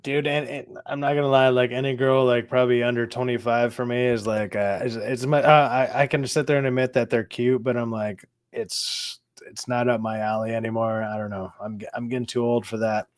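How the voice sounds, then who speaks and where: A man's voice: mid-range voice, fairly even intonation, fairly quick, few pauses, dry recording, clean studio sound. A man co-hosting a casual chat, hesitant and stammering, with lots of fillers.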